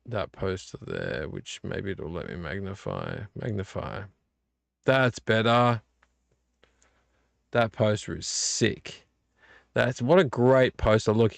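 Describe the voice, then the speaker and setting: Tired gravelly man rambling. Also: fairly low pitch, no room sound. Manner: relaxed, rambling, complains about covers. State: tired and yawning. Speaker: vlog host. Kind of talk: casual late-night chat. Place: home room.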